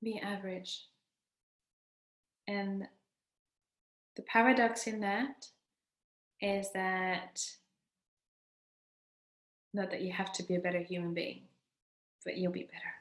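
A woman's voice: medium pitch, level tone, slow pace, pauses often. A woman giving an earnest motivational self-help talk, repeating lines for emphasis. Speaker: motivational speaker. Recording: echoey room.

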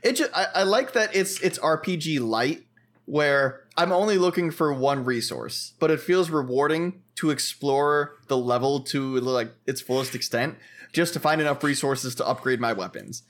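A man's voice: fairly high pitch, normal speed, fairly bright tone. A young man co-hosting a podcast, chatting casually and explaining things in eager detail. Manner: enthusiastic, explains gear in detail. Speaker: podcast co-host. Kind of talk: casual chat.

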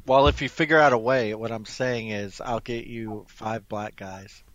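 A young man in casual online chat, deadpan and blunt, often trailing off quietly. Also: fairly low pitch, moderate pace, muffled recording.

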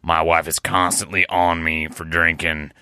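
A man voicing a drunk, rambling male beer company boss who keeps clearing his throat and apologizing. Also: sits low, level tone, measured pace, pushed and bright, no room sound, clean studio sound, heavily acted. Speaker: podcast co-host doing improv. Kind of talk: improvised comedy character.

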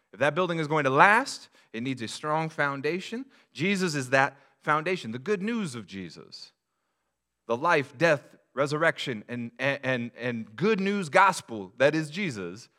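A male pastor delivers a sermon with a bright, forceful edge to his voice. He talks to the congregation conversationally, asking rhetorical questions and sometimes restarting a phrase. His pitch sits at an ordinary middle level for a man. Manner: conversational preaching with repeated restarts.

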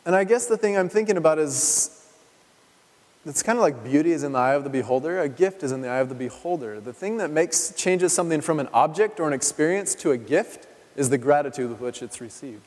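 A man's voice: a little high, expressive, fairly quick, darkish tone. A male pastor giving a conversational sermon, asking his listeners rhetorical questions as he goes. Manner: chatty, full of rhetorical questions. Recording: long hall reverb.

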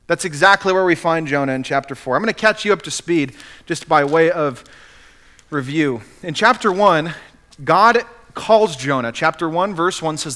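High-voiced, animated male preacher. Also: moderate pace. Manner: animated storytelling, emphatic. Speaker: pastor. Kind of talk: sermon.

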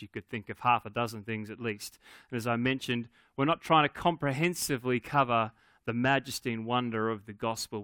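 A man preaching a sermon in an earnest, emphatic way, with dramatic pauses on key words. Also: mid-range voice, fairly bright tone, smooth, no room sound, clean studio sound. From Scottish ancestry on father's side. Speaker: pastor.

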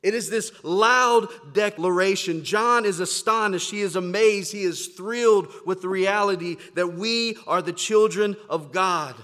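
A man preaching a sermon, moving between quiet, reflective stretches and loud, emphatic declarations. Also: high voice, a little slow, few pauses, in a large hall. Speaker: pastor. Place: church sanctuary, standing before a congregation.

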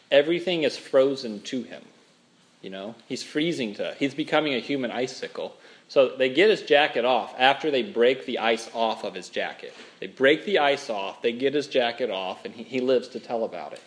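A man from Minnesota preaching a sermon as pastor, telling stories with animated, dramatic emphasis. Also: medium pitch.

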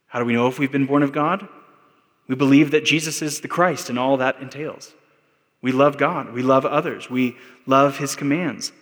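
A man's voice: medium pitch, normal speed, a bit bright. A man with an American accent preaching a sermon as pastor, earnest and building to emphatic peaks. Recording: long hall reverb.

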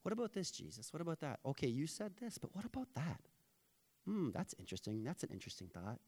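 A man's voice: a little high, huge pitch swings, fast, a little mellow, exaggerated voice. A man preaching who puts on an eager, curious young woman asking questions in an inquisitive, musing way.

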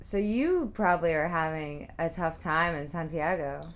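A woman from the United States co-hosts a podcast, chatting casually and using lots of "like" fillers. Her voice is low-pitched and animated, at a moderate pace.

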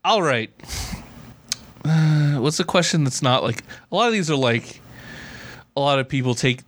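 A man's voice: medium pitch, normal speed, pauses often. Rambling laid-back young man. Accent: General American with a Southern California lilt. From Southern California. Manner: rambling, laughs often, heavy use of "like". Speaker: podcast host. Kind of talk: casual chat.

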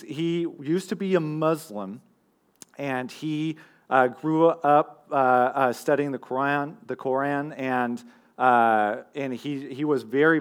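A young man giving a sermon in a conversational, storytelling way, with fillers and self-deprecating asides. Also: on the high side. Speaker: college group teacher and preacher. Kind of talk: casual sermon.

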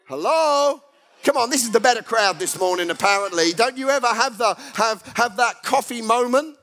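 A man's voice: very high-pitched, moderate pace, creaky. A man preaching a humorous sermon, acting out everyday characters as he tells stories to a congregation. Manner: animated storytelling, acts out everyday characters.

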